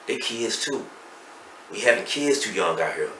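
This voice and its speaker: A middle-aged man with a Texas accent, speaking as a podcast guest and telling his story candidly and emotionally, swinging between loud and hushed. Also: lowish voice, sing-song, normal speed, recorded from a distance. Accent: Southern US, Texas. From Dallas, Texas. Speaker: podcast guest, hip hop artist. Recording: roomy echo, off-mic, faint noise.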